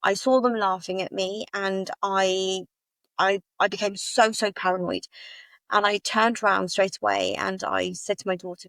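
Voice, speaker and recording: A woman, a podcast guest, recounting a personal experience in a halting, emotional way, often repeating her phrases. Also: a bit bright, no room sound, poor audio. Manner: halting, repeats phrases, rises in pitch when retelling upsetting moments.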